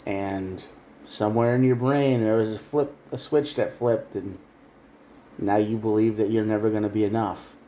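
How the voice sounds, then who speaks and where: A man's voice: fairly low pitch, fairly even intonation, moderate pace, dark tone, a little hiss or hum. A man giving a tarot reading straight to the viewer, earnest and emphatic. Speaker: tarot reader. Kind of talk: direct-to-camera tarot reading.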